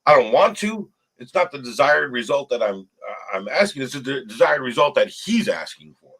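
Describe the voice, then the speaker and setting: A man's voice: mid-range voice, moderate pace, husky, low-quality recording. A man hosting a casual recovery group chat, talking earnestly with stumbling restarts. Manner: earnest, stumbling restarts, rises sharply when animated. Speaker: show host.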